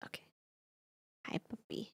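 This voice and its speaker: A woman's voice: unhurried, no echo. A woman streamer chatting casually from her home recording setup, talking affectionately to her cat in baby talk and swearing now and then. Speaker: streamer and singer. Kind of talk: casual live-stream chat.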